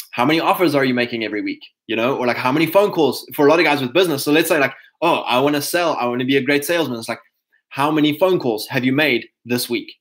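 A man giving a casual, rambling motivational talk to other men as a podcast host, full of fillers and restarts, calling his listeners chaps. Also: mid-range voice.

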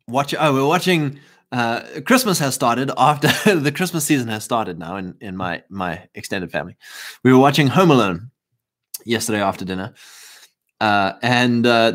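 A South African man with a medium-pitched, somewhat bright voice hosts a livestream, delivering a fervent, rambling, preachy monologue. He restarts often and has a lingering cough.

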